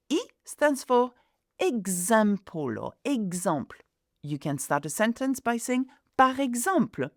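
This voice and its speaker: A woman tutor giving a clear, deliberate video lesson on exam tips, reading out French examples. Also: on the high side, a little mellow, no echo, studio quality.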